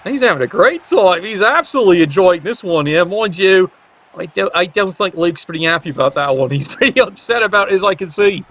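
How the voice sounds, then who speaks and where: A man's voice: sits high, expressive, a little fast, fairly bright tone. A man giving play-by-play commentary on a match, with dry joking asides. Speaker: game commentator. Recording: dull lo-fi recording.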